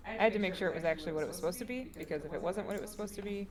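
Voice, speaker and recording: A woman's voice: medium pitch, rapid-fire, a crowd in the background. A woman playing in a tabletop game, talking hesitantly with many fillers. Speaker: player. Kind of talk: casual tabletop game play.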